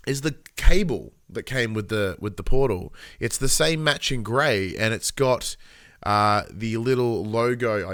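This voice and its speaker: A man's voice: on the low side, vocal fry, a bit bright, no echo, studio quality. An Australian man co-hosting a podcast, telling rambling stories with lots of fillers and chuckles. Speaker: podcast co-host. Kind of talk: casual podcast chat.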